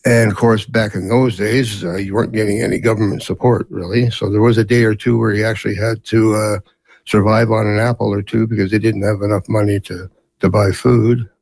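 Gravelly older man telling stories. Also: on the low side, flat delivery, fairly quick, a little mellow, no room sound. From Canada. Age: 70s. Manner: rambling, with many fillers and restarts. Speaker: guest. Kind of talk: storytelling in a casual interview.

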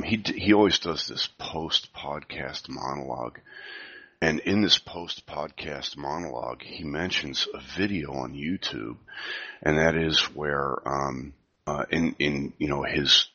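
A man in his fifties with a cold, talking softly and rambling with many fillers in a casual podcast chat over a video call. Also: a bass voice, gravelly, dull audio. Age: 50s. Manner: speaking softly, half whispering. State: has a cold. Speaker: podcast co-host.

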